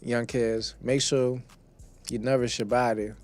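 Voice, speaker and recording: A man's voice: mid-range voice, flat delivery, measured pace, music in the background. A young man, a rapper guest on a radio show, talking in a laid-back way. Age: young adult. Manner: laid-back, talks with his mouth full. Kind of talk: casual radio interview. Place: radio studio.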